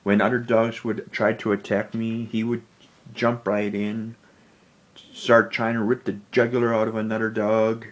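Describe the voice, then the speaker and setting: A man talking in a personal vlog, emotional and close to tears, rambling in a low, subdued voice. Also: flat delivery, normal speed, muffled recording. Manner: tearful, rambling, speaks low and subdued with sudden angry outbursts. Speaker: vlogger.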